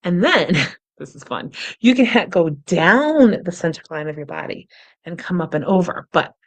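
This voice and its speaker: A woman leading a guided breathing and tapping meditation, calm and gentle, often dropping to a soft, quiet voice. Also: lowish voice. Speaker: meditation and wellness instructor.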